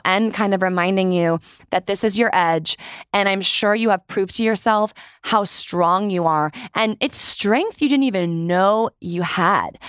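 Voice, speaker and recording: A woman's voice: medium pitch, no echo, clean studio sound. A young woman hosting her own podcast, talking casually and earnestly, with frequent "like"s and casual swearing. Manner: chatty, says "like" often, swears casually. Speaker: podcast host. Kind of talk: casual solo podcast talk.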